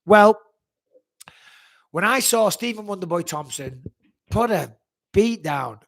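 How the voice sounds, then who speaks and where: A man hosting a live Q&A, answering viewer questions in a blunt, profane, animated way. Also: high voice, takes it slowly, no room sound. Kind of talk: live Q&A chat.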